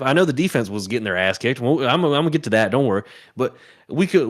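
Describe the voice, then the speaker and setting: Brief: man, sports co-host, heated repetitive rant, mid-pitched everyday voice. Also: lively intonation, quick pace. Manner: heated ranting, swears, repeats himself. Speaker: podcast co-host. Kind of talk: casual sports chat.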